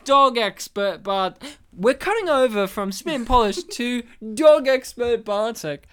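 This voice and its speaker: Smooth-voiced man cracking crude jokes. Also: extremely high pitch, lively intonation, slow, a bit bright. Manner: crude joking banter, frequent laughter. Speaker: podcast co-host. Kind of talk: casual movie commentary podcast.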